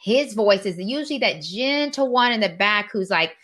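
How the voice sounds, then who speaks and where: A woman guest in a faith-based conversation who talks in an animated way, laughs often and acts out the voices she quotes. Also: medium pitch, moderate pace.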